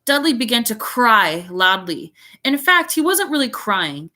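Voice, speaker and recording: A bright, lively teacher reading a story aloud to her students on a video call. She keeps pausing to comment and explain in a chatty, animated way, her voice sitting fairly high. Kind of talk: read-aloud storytelling to a class.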